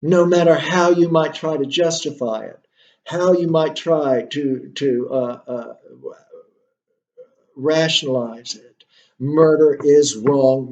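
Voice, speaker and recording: A man's voice: mid-range voice, steady tone, slow pace, a little mellow, dull audio. A male instructor giving a literature lecture, thinking aloud with many fillers and rhetorical questions.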